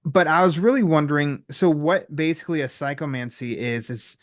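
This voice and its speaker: A man's voice: on the high side, fairly quick, no echo, studio quality. A man hosting a podcast in casual chat, loose and conversational, with many likes and you-knows. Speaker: podcast host.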